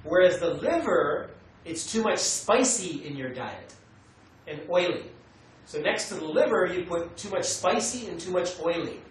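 An American man teaching a class, animated, acting out quotes and telling students what to note down. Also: high voice, unhurried. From United States. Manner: animated, acts out quotes, tells students to take notes. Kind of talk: classroom lecture. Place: meditation center lecture room. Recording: echoey room, mic far away, light noise.

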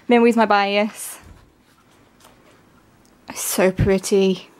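A woman gushing excitedly through a casual unboxing, her voice strained and giving out. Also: fairly high pitch, unhurried. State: voice giving out, coughing. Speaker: K-pop album unboxer.

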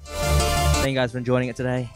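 A man's voice: medium pitch, normal speed. A young man who DJs and streams, chatting casually between mixes, telling a rambling story with lots of swearing. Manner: excitable, profane, rambling storyteller. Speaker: DJ and live streamer. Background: faint dance music.

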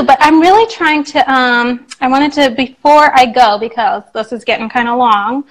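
A woman's voice: high-pitched, normal speed, hardly any pauses, low-quality recording. A young woman, an English teacher, chatting casually on a phone live stream, reading out comments with affectionate, playful talk.

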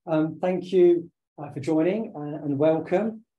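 A man, slightly hoarse from talking all day, giving a conversational online presentation with many filler sounds. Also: fairly high pitch, a little slow, highs cut off. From United Kingdom. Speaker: webinar presenter and business owner. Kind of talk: online presentation over slides.

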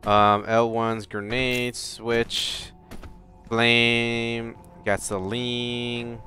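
A man casually commenting on a game he plays, rambling, swearing and bursting out loud. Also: mid-range voice, little pitch movement, extremely slow, soft background music. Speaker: let's play host.

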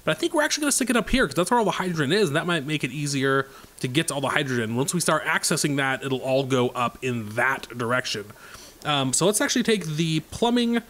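A man doing a relaxed let's play, talking through each move as he makes it and stopping often for fillers. His voice sits a bit high and swings widely in pitch, which keeps it animated. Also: quick pace. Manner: thinking aloud, chatty, many fillers. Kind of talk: casual gameplay commentary.

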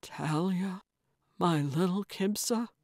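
A woman doing a gruff old shopkeeper dad. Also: on the low side, takes it slowly, no room sound, clean studio sound. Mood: hushed. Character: gruff older male shopkeeper father.

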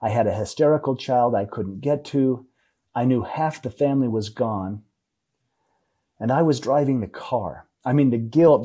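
Middle-aged man, husky warm voice, halting, repeats words, emotional storytelling guest. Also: mid-range voice.

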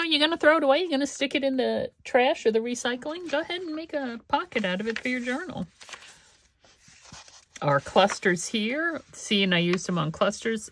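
Low-voiced lady rambling through her craft journals, slow and gravelly, bit of hiss behind. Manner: chatty, meandering, with soft laughs and many fillers. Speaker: crafting channel host. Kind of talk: casual craft flip-through.

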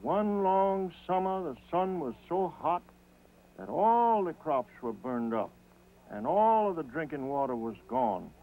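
A man telling a folk tale slowly and rhythmically, in a folksy way. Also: fairly high pitch, sing-song. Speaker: storyteller. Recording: tinny lo-fi old TV audio.

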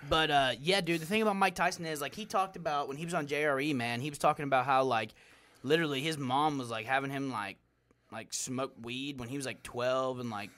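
A man's voice: mid-range voice, fairly bright tone. Chatty young man, lots of "bro". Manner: rambling, heavy on "like", "bro" and "dude". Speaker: podcast host. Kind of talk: casual chat.

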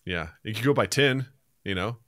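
A man's voice: on the low side, normal speed, dry recording, studio quality. A young man co-hosting a podcast, chatting casually and telling stories with laughter and acted-out voices. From United States. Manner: animated storytelling, acts out quotes with laughs. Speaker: podcast co-host.

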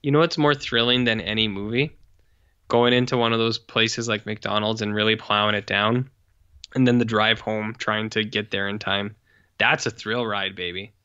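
Bright-voiced joking man, lo-fi podcast. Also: fairly low pitch, steady tone, moderate pace, smooth. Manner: jokey, sarcastic, swearing freely. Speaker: podcast co-host. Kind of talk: casual film review chat.

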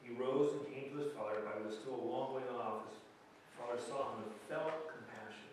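Pastor preaching in an echoey church. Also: male voice, mid-range voice, brisk, slight background noise. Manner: conversational, animated, with bursts of emphasis and quiet asides. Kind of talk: sermon. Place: church sanctuary. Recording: echoey church hall mic from a distance.

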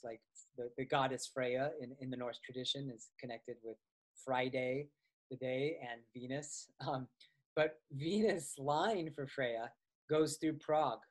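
A man teaching astrology in a casual, conversational way, with frequent fillers and restarts as he tells personal stories. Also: medium pitch. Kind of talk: casual explanatory lecture.

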